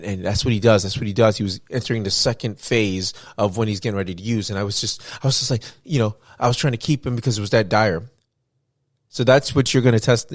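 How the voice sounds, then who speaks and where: A man with a fairly low voice co-hosts a podcast, recorded dry and close on a studio mic. He talks in a rambling, animated way, restarting his sentences as he retells events. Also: dry recording. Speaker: podcast co-host. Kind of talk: casual podcast chat.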